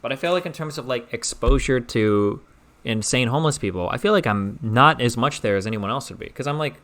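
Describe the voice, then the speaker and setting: A young man streaming, teasing a visitor and telling a story in an animated, profane way. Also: mid-range voice, a little fast. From Omaha, Nebraska, US. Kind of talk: casual stream chat and storytelling.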